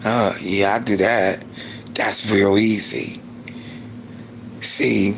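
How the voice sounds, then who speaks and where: A man in his sixties hosting a livestream and ranting heatedly with a lot of profanity, swinging between loud outbursts and low muttering. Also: fairly even intonation, drawn-out words, gravelly, pauses often, slight background noise. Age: 60s. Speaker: livestream host.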